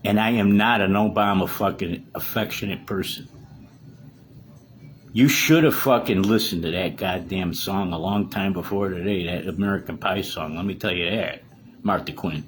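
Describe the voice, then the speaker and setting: A man's voice: sits low, normal speed, a little hiss or hum. A distraught man in a solo monologue, ranting in an agitated way with heavy swearing.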